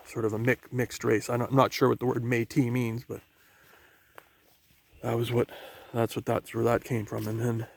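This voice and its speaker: A man with a gravelly, creaky voice talks into a handheld camera while walking outdoors on a trail. He thinks aloud, halting and restarting often, in a loose vlog style. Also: mid-range voice, darkish tone. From Canada. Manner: halting, musing, many restarts. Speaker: vlogger. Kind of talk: rambling walk-and-talk vlog.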